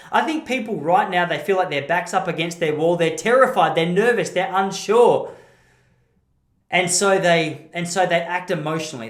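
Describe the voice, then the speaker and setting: An Australian man talks through his opinions in a blunt, rambling solo podcast monologue. He swears casually. His voice rings in a noticeably echoey room. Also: high-pitched. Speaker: podcast host.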